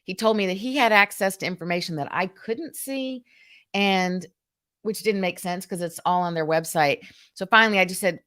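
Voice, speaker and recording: A woman hosting a live stream, telling a frustrating story in a casual, animated, exasperated way. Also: lowish voice, normal speed. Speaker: host.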